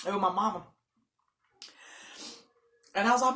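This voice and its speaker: A woman vlogger telling a story in a loud, animated, dramatic way. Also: mid-range voice, fairly quick, long pauses. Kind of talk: casual storytelling.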